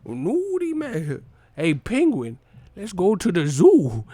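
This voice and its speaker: A man's voice: high voice, huge pitch swings, mellow, breathy edge, dry recording, pitched above the performer's own voice, exaggerated voice. A man putting on a squealing goofy man-child. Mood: giddy silly. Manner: squealing, drawn-out, singsong delivery. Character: goofy high-voiced grown man-child, giddy and silly.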